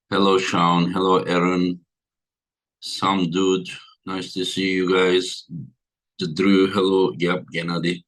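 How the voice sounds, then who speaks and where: A man's voice: sits low, a bit bright. A tired man hosting a livestream in casual chat, greeting his viewers by name one after another. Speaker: livestream host.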